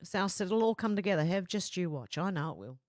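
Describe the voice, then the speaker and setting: Close to her desk microphone, a woman reads chat comments aloud during a casual livestream, chatty and laughing. Her lowish voice is expressive, brisk and somewhat dark. There's no room sound.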